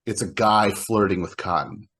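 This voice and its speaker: A man's voice: fairly low pitch, normal speed, fairly bright tone, slightly rough. A man co-hosting a casual podcast about horror movies, laid-back, swearing and laughing along. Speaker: podcast co-host.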